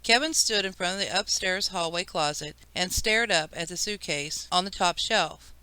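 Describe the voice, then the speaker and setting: Lady reading a kids audiobook, bright crisp voice, dry sound. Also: fairly low pitch, normal speed, no room sound. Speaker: audiobook narrator. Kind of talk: scripted narration.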